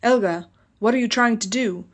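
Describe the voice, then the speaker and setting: A woman reading the lines of a patient husband who gently coaxes his frightened wife. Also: a little high, normal speed, close to an everyday voice. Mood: coaxing. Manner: steady, reassuring, coaxing.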